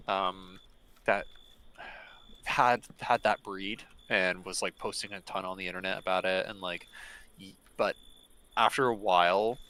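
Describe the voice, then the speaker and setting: A man's voice: on the low side, bright, forceful tone, low-quality recording. A man chatting casually while streaming a game, rambling and easygoing with lots of fillers. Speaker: gaming streamer. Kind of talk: casual chat while gaming.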